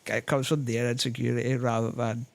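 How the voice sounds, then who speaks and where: A Scottish man talking as a podcast guest in a studio. He works his thoughts out slowly as he speaks, filling the gaps with likes and ums. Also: mid-range voice, little pitch movement, vocal fry. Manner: thoughtful, hesitant, many fillers. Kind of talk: casual chat.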